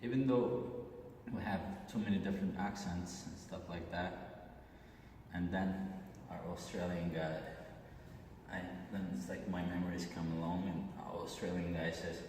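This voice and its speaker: A man with an Azerbaijani accent from Aghdam reads a prepared comic monologue in a measured, deliberate way, now and then restarting a word. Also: low-pitched, fairly even intonation, a little mellow. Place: large hall indoors. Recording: echoey hall, distant mic, faint hiss.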